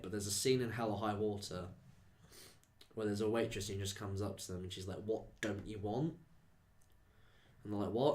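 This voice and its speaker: Chatty young man, lowish voice. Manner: animated, rambling, full of "like" and laughs. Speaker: podcast co-host. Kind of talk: casual chat.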